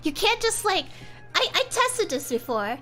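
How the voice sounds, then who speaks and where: A young woman streamer with a high, bouncy, sharp-toned voice chats casually and rambles freely. She laughs often and sounds animated. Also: a little slow, faint music behind. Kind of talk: casual chat.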